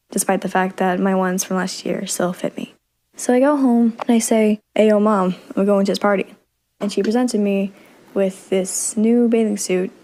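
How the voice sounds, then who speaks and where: A woman's voice: medium pitch, warm tone. A woman with a mid-range voice tells an anecdote in a chatty, easygoing manner. Small laughs break into her sentences as she goes. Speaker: storyteller. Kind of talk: casual personal storytelling.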